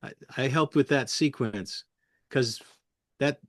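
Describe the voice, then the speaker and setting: A middle-aged man, a puppeteer guest, reminiscing in an interview with a friendly, chuckling manner and many pauses. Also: medium pitch, no echo, clean studio sound. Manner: friendly, chuckling, halting with fillers.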